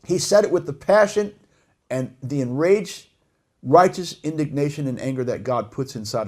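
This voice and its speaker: A middle-aged man preaching a sermon with passion, dropping to a hush and then rising to shouts. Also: fairly high pitch, expressive, normal speed. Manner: impassioned preaching, swinging between hushed and shouted.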